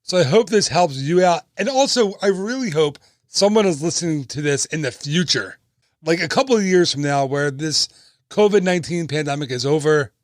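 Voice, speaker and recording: A man's voice: fairly high pitch, expressive, moderate pace, no echo, studio quality. Chatty upbeat man hosting a podcast. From United States. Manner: upbeat, chatty, joking asides. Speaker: podcast host and travel agent. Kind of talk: casual podcast monologue.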